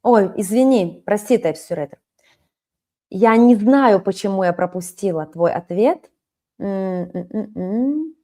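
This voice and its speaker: A woman with a Russian accent teaching a live-streamed language lesson, explaining slowly and mixing English and Russian. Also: mid-range voice, animated, warm tone. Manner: slow, explaining, switching between English and Russian. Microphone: webcam stream.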